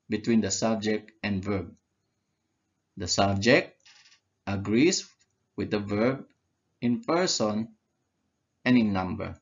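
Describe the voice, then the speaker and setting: Guy teaching english grammar, asks stuff then answers it himself, takes it real slow. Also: medium pitch, highs cut off. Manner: asks questions and answers them himself, repeats key words. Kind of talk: slow, deliberate grammar lesson.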